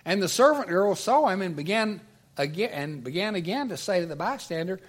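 A man's voice: high-pitched, expressive, a little fast. A man with a Southern US accent preaching an earnest, conversational sermon and reading scripture aloud. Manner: earnest, conversational, restarts often. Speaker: pastor.

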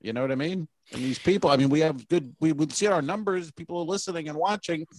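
A man co-hosting a comedy podcast, telling rambling stories in a casual, animated way and dropping into quoted voices. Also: fairly high pitch, quick pace, no echo. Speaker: podcast co-host.

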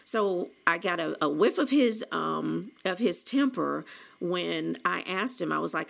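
Woman telling her own story, kinda low voice with lots of fry, rambly and candid. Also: normal speed. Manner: candid, rambling with many restarts and quoted dialogue. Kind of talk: personal storytelling.

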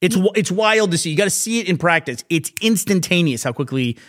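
A man's voice: high voice, lively intonation, a little fast, a bit bright. A man co-hosting a casual podcast, joking, laughing often and swearing casually. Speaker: podcast co-host. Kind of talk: casual chat.

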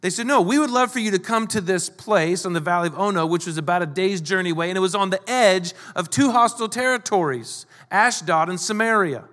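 Speaking a little fast and hardly pausing, this pastor has a light, high-pitched male voice. His sermon is casual and animated, and he slips into character for each person he quotes. The sound echoes with long reverb around a big hall.

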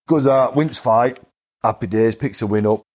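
A former boxer tells his stories bluntly in a casual interview, speaking plainly and acting out the voices he quotes. He has a mid-range, slightly mellow voice at normal speed.

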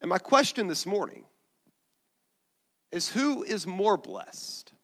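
A man's voice: high-pitched, very animated, takes it slowly, a bit bright. A male pastor preaching a sermon in a conversational way, with asides to the congregation.

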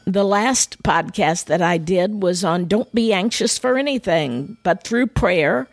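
A middle-aged woman hosting a faith-based podcast, talking in an expressive, folksy storytelling manner. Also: medium pitch, a little slow, gravelly, no room sound, faint music behind. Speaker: podcast host and speaker.

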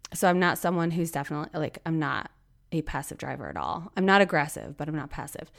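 A woman with a slightly low voice hosts her own podcast while fighting off a cough, so her voice sounds strained and worn. She rambles in a friendly, chatty way and bursts into exclamations when something bothers her. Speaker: podcast host and photographer. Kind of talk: casual solo podcast talk.

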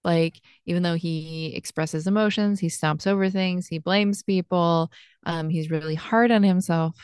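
A woman's voice: on the low side, steady tone, a little slow, darkish tone, clear, resonant tone, no room sound, studio quality. A young adult woman hosting a casual solo podcast, reflective and chatty, with plenty of fillers and restarts. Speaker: podcast host and life coach.

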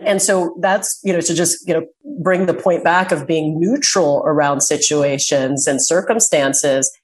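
A woman guest in a casual interview, speaking earnestly and slowing down to stress her points. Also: sits low, rough recording. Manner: earnest, emphatic, slows for key points. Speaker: guest, communication coach.

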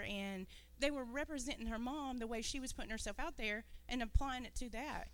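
A woman with a notably high voice speaks to a church congregation. She talks earnestly and loosely, wandering off and losing her thread. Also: fairly quick, few pauses, fairly bright tone, smooth. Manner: rambling, earnest, loses her train of thought.

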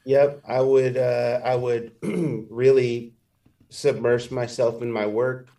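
Mellow, halting man, slightly distant. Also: mid-range voice, fairly even intonation. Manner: measured, halting, clears throat. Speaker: guest. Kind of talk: personal testimony in conversation.

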